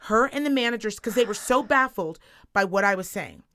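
A woman in her thirties co-hosting a casual podcast, telling a story in an animated, profane rant. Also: medium pitch, fairly quick, clean tone. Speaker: podcast co-host. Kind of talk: casual chat.

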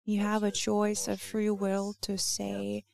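A woman whose first language is Lithuanian, preaching a sermon in an earnest, halting way with many restarts. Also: medium pitch, monotone, gravelly, darkish tone.

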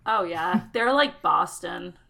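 A woman with a Connecticut accent chats on a podcast, laughing easily and trailing off as she hunts for words. Her voice is bright and edgy, with a gravelly fry running through it. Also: lowish voice, lively intonation, takes it slowly. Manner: giggly, searching for words. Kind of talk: casual podcast chat.

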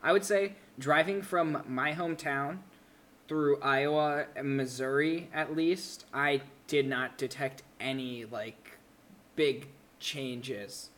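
A man's voice: medium pitch, steady tone, slow pace, fairly bright tone. A young man from Minnesota co-hosting a casual podcast chat, joking around and mocking a folksy upper-Midwest twang. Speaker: podcast co-host.

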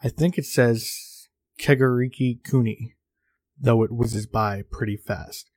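A man hosting a podcast, narrating a horror story in a measured reading with small slips. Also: medium pitch, fairly even intonation, a little mellow, no room sound, clean studio sound.

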